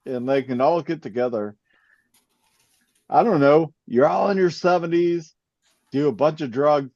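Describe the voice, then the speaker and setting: A man in casual chat, talking slowly in a blunt, shrugging way. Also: a little high, darkish tone, no echo. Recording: dry, dull lo-fi sound.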